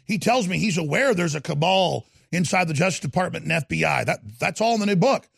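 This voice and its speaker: A male radio talk show host delivering a fiery political monologue, ranting emphatically and swinging from low growls to sudden loud outbursts. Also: lively intonation, brisk, creaky, breathy edge, dry recording, clean studio sound.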